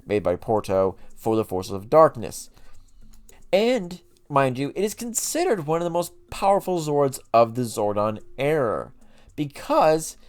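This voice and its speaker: A man's voice: on the high side, darkish tone. Chatty man recapping lore, rambling. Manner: rambling, chatty, self-correcting. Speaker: lore channel host.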